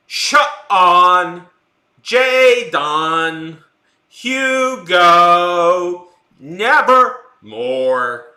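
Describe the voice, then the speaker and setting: A young man streams his art and chats casually with his viewers, rambling, joking and often restarting sentences. His voice is low-pitched, creaky and sharp, and the recording has a roomy echo.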